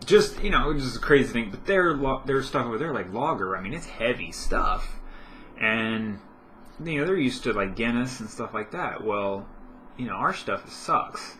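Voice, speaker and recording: A man's voice: medium pitch, expressive, a little slow, fairly bright tone, a little hiss or hum. A young man vlogging at home in casual chat, rambling with lots of fillers and self-corrections.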